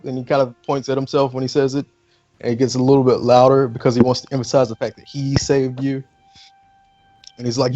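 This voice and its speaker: A man narrates a tabletop game as game master, leaning on fillers as he describes the scene. The recording sounds muffled and lo-fi, with quiet music behind him. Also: medium pitch, little pitch movement, a little fast. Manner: loose, filler-heavy narration. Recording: muffled lo-fi stream with faint music.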